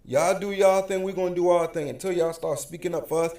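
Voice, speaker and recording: Man, very high voice, African American English accent, blunt and emphatic rant, roomy echo. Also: fairly even intonation, brisk, mellow. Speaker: social media commentator. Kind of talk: heated direct-to-camera rant.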